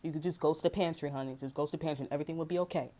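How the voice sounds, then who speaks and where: A woman's voice: deep voice, fairly even intonation, rapid-fire, noisy background. Blunt, profane woman talking street slang. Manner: frequent throat clearing. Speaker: tarot reader. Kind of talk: casual unscripted tarot reading monologue.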